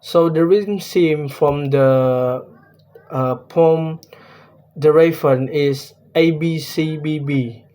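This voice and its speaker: Slow, hesitant young man presenting. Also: a little high, dark tone. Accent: Indonesian. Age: young adult. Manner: hesitant, many fillers and restarts. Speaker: student presenting a poem analysis. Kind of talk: spoken class presentation.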